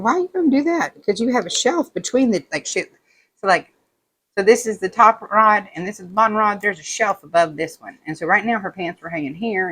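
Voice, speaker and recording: A woman vlogger chatting casually while doing a craft at home, rambling through stories and acting out what others said. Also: medium pitch. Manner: rambling storytelling, animated quoting of others. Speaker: diamond painting vlogger.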